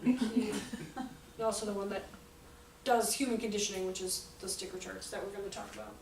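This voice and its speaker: A woman in her forties giving a jokey, animated talk to an audience about children's behavior and acting out the quotes. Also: medium pitch, moderate pace. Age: 40s. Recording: echoey hall, voice from far off, faint noise.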